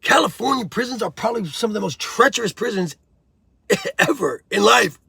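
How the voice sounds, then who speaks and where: A man's voice: high voice, lively intonation, fairly quick, gravelly, pushed and bright, husky, no room sound. A man hosting a casual commentary vlog, talking bluntly in streetwise slang and lecturing the viewer directly. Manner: blunt, streetwise, preachy, addresses viewer as bro and homie. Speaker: host of a prison-life commentary channel.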